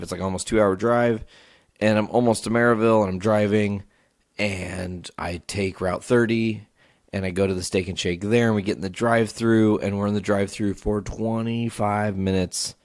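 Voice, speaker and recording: Profane, ranting podcast host. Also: male voice, lowish voice, normal speed, dry recording, studio quality. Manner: profane, animated ranting storyteller. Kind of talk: solo podcast storytelling.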